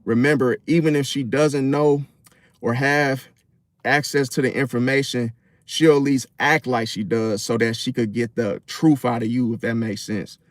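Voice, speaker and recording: A man's voice: mid-range voice, fairly even intonation, moderate pace, no room sound. A man in a casual, rambling monologue about relationships and astrology, slangy and profane, full of fillers.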